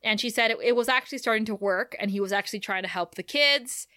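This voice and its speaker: A woman recaps a TV episode on a podcast in easy, casual chat. Her voice sits high and sounds bright and forward. She is animated and laughs often, slipping into the quoted lines as she goes. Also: fast talker, no echo, clean studio sound.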